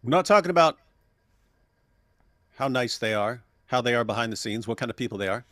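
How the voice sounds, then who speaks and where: A man's voice: mid-range voice, animated, fairly quick, fairly bright tone, dry recording, studio quality. A man co-hosting a casual political chat, joking, laughing often and acting out quotes. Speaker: co-host.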